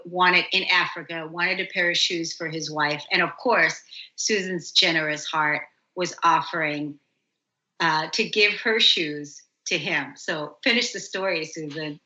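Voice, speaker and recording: Woman talk radio host, bright tone; roomy, dull lo-fi recording. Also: on the low side. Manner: recapping and prompting the guest. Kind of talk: radio interview. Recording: roomy, muffled lo-fi radio audio.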